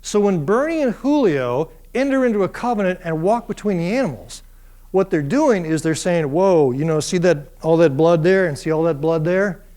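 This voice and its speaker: A man's voice: high voice, moderate pace. A man giving a university lecture, asking the class questions and acting out the voices of the people in the story. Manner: lively, acts out voices of biblical figures; asks the class rhetorical questions.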